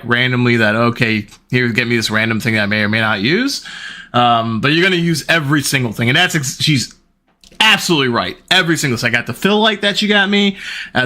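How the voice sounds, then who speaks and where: A middle-aged man chatting casually on his stream, telling stories in an animated, rambling way. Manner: animated, rambling storytelling with big pitch jumps and laughs.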